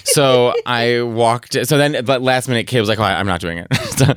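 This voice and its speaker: A man who works as a comedian, telling a story in a casual interview and slipping into quick acted voices. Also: mid-range voice, a bit bright, smooth, no room sound. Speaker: interview guest, comedian and stage actor.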